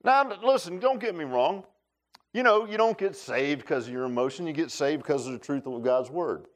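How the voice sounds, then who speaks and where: Preaching man swinging quiet to loud. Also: normal speed. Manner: animated preaching, swinging from low asides to high shouts; folksy, talks straight to the congregation. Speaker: pastor. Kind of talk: sermon. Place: church.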